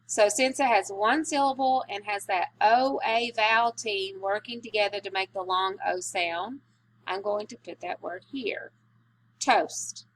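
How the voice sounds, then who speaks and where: A woman's voice: medium pitch, slight background noise. Woman teacher, patient phonics lesson. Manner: slow, patient, stretching out sounds. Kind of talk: recorded spelling lesson.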